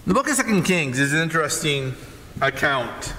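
Male pastor, bright higher voice, lively storytelling sermon, long hall reverb. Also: moderate pace, slight background noise. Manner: animated storytelling, acting out characters in paraphrase.

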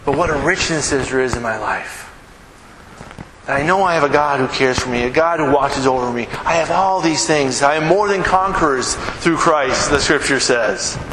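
A man's voice: medium pitch, moderate pace, crowd noise. A male pastor preaching a sermon with lots of energy, acting out the people he quotes. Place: church sanctuary. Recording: echoey hall with room noise.

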